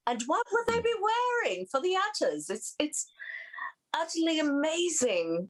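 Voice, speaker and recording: A woman's voice: sits high, big pitch swings, unhurried, poor audio. A woman performing an improv comedy news bit, delivering puns in a mock-newsy way.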